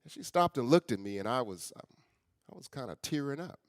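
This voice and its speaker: A middle-aged man, a guest speaker and author, telling a personal story in an earnest, conversational way and often dropping to a soft, quiet voice. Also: medium pitch, animated, normal speed, slight background noise. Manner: earnest, conversational, addresses audience as y'all; often drops soft and quiet for emotional moments.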